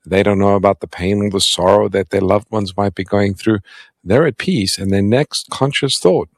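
A man co-hosting a call-in radio Bible show as a pastor, speaking calmly and reassuringly and introducing callers. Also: on the low side, moderate pace, dry recording, studio quality. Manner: calm, reassuring, gives phone numbers and introduces callers.

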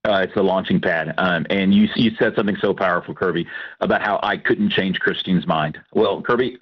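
A man from Texas, a pastor and Christian counselor, giving an animated personal testimony in a radio interview. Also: low voice, brisk, breathy edge. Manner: animated storytelling, acts out quoted voices. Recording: dull lo-fi radio broadcast.

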